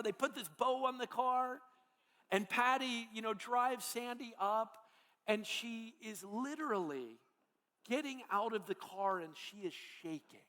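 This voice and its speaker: A man with a high, bright voice preaches a sermon. He tells it earnestly and haltingly, restarting his phrases often. The sound carries the long reverb of a big church hall. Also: lively intonation. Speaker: pastor. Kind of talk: sermon storytelling.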